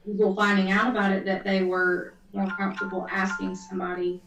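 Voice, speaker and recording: A woman's voice: mid-range voice, completely flat delivery, a little fast, highs cut off, music in the background. A woman, a paranormal investigator, talking earnestly in casual chat. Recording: echoey room, far from mic.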